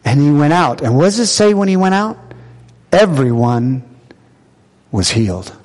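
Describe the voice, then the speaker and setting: A man's voice: a little high, big pitch swings, normal speed, darkish tone, long reverb tail. A man, the pastor, preaching a sermon in a church and acting out the voices of God and of his listeners, repeating short phrases for emphasis. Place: church sanctuary.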